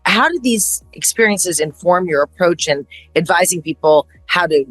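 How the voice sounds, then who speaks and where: A woman's voice: lowish voice, expressive, moderate pace, a bit bright, husky, no echo, soft background music. Woman host asking long questions. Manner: long framing questions, brief affirmations. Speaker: interview host. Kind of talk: conversational fireside chat.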